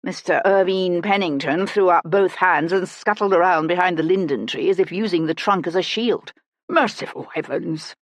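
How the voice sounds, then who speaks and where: A woman narrating a historical mystery audiobook in an expressive storytelling manner, close to the mic. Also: lowish voice, moderate pace, hardly any pauses, no echo.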